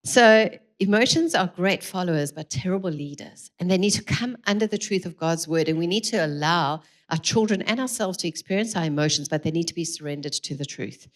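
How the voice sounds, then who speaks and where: A middle-aged woman, giving a lively parenting talk to a church audience, acting out quotes and laughing often. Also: deep voice. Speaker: parenting speaker. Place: church hall.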